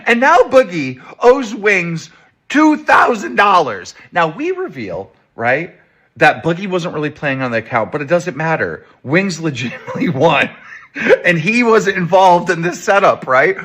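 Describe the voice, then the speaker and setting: A man's voice: sits high, unhurried. A man casually retelling an event from a stream, with mocking emphasis. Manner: animated, mocking storyteller. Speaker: recap narrator. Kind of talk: casual storytelling recap.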